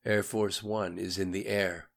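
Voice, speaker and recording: A man voicing a calm, cryptic male overseer in an audiobook, measured and condescending. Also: deep voice, gravelly. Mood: cool, knowing. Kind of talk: audiobook character reading.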